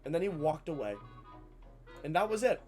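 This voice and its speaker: A man telling a comedic story in a casual, animated way, swearing freely. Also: a little high, moderate pace, soft background music.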